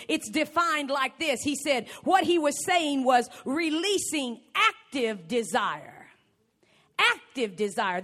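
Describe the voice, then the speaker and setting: A woman preacher delivering a sermon, emphatic and building up to shouts. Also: high voice, lively intonation, measured pace.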